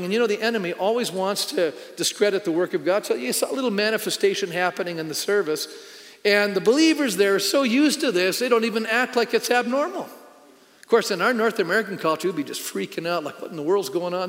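High-voiced pastor preaching in a reverberant hall. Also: male voice, animated, fast talker, a bit bright. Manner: conversational, storytelling, emphatic. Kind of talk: sermon.

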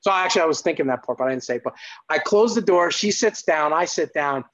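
A man sharing his faith testimony as a guest, in earnest, animated storytelling. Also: a little high, fast talker, dull audio. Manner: earnest, lively, acts out exclamations.

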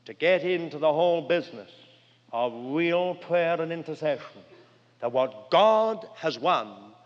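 Older male preacher with a fairly high voice; dramatic, earnest sermon delivery; dull lo-fi hall recording. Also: lively intonation, a little slow. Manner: earnest, dramatic storytelling with wide swings of pitch and loudness. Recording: long hall reverb, dull lo-fi sound.

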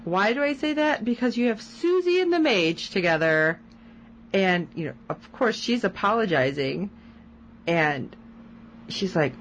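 A woman in casual podcast chat, recapping a TV episode with a lively, swooping voice. She talks at a medium pitch, often slipping into quoted lines from the show. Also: unhurried, a little hiss or hum, poor audio. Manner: animated, retells scenes with quoted lines. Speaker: podcast co-host.

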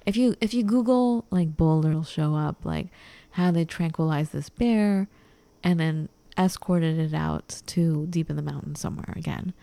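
A woman co-host telling a story in a relaxed, mellow voice that sits a little low. She throws herself into the quoted dialogue and acts out each person as she goes. The sound is dry and close. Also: normal speed, creaky, no echo. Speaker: podcast co-host. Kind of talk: casual storytelling chat.

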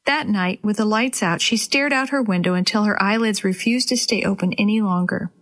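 A woman hosting a children's story program, reading aloud gently and expressively. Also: medium pitch, a little fast.

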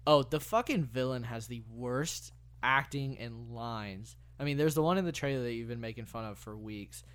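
Profane, animated man reviewing a movie. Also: medium pitch, normal speed, clear, resonant tone. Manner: profane, animated, mocks lines in put-on voices. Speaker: podcast co-host. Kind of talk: casual movie review chat.

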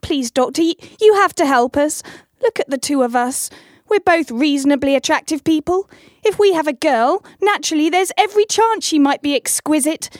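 An earnest wife who insists on ordering an ugly baby. Her voice is high and lively, recorded dry and close. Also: moderate pace, dry recording. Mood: insistent. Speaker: prospective mother.

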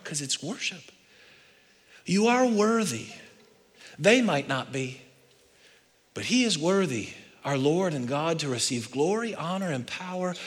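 A man preaching a sermon as pastor, swinging between loud urging and hushed intensity. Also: medium pitch. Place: large church hall. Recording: long reverb of a large hall.

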